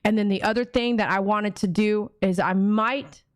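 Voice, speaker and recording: A woman's voice: mid-range voice, fairly even intonation, moderate pace, no room sound. A woman dog groomer hosting a casual livestream, chatty and rambling, often acting out conversations.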